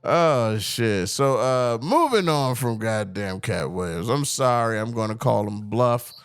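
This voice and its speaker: Man, podcast host, casual profane chat, animated, very lively pitch, dry recording. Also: a little slow, clean tone, dry recording. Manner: animated, profane, mimics voices.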